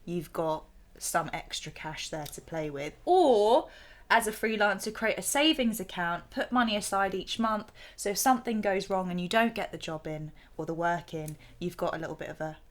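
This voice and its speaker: A woman co-hosting a podcast in casual debate chat, giggly and quick to laugh. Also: on the low side. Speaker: podcast co-host.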